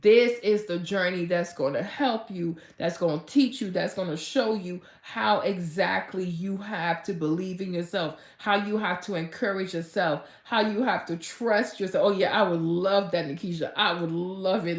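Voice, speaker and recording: A woman fitness vlogger talks straight to her viewers in a casual, gushing way, peppering everything with "like" and spilling into excited bursts. Her voice sits at an ordinary middle pitch. The room around her is noticeably echoey. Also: normal speed, hardly any pauses. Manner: gushing and chatty, heavy use of "like", and bursts of excitement. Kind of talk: casual motivational vlog talk.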